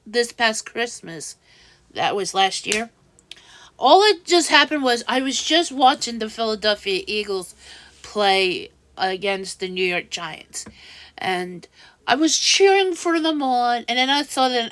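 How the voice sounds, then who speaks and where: A woman with a high voice talks straight into the camera, venting about a falling-out in an unhurried, upset ramble. She keeps breaking off and restarting her sentences. The sound is dry and close, with no room echo. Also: a bit bright. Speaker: vlogger. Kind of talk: casual venting monologue.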